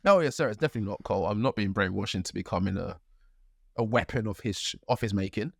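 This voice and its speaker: A young man co-hosting a podcast, telling a story in a lively way with acted-out quotes. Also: fairly low pitch, fast talker, gravelly, no echo, clean studio sound. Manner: animated storytelling, acts out quotes. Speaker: podcast co-host. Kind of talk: casual chat.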